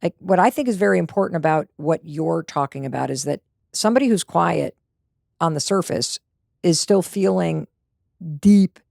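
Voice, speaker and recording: Earnest gravelly-voiced woman host. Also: fairly low pitch, dry recording, clean studio sound. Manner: earnest, emphatic, animated self-talk. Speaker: podcast host. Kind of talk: casual heartfelt conversation.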